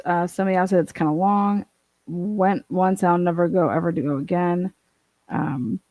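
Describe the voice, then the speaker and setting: A woman's voice: on the low side, a little mellow, dry recording. A woman hosting a casual livestream, chatting and reading out viewer comments, swearing and laughing often. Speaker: livestream host reading chat.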